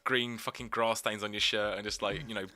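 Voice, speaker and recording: A man's voice: fairly low pitch, brisk. A young man co-hosting a podcast, telling rambling, sweary stories in casual chat. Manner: rambling, sweary, animated storytelling. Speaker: podcast co-host.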